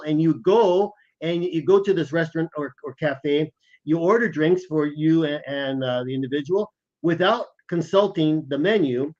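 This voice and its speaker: A man on a podcast tells an animated travel story, acting out the people in it. His voice sits a little high, and the recording sounds somewhat dull and lo-fi. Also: normal speed. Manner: animated, acts out the quoted lines. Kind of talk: casual storytelling chat.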